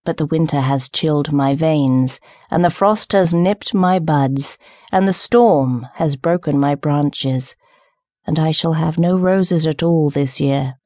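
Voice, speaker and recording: Woman doing a slow solemn rose tree. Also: low-pitched, mellow, no room sound, clean studio sound. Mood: sorrowful. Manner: slow, measured and grave. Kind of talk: audiobook character reading.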